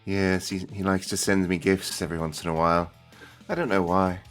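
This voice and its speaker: A man playing a tabletop game in character, speaking slowly and hesitantly in a deadpan way. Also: sits low, faint music behind. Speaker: player.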